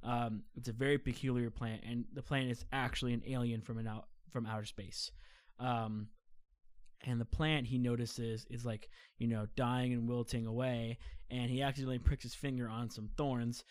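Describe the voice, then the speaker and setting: A man's voice: mid-range voice, level tone, normal speed, a little mellow, dry recording. A man chatting casually as a podcast co-host, retelling a story in a rambling way full of fillers and small laughs. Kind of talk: casual chat.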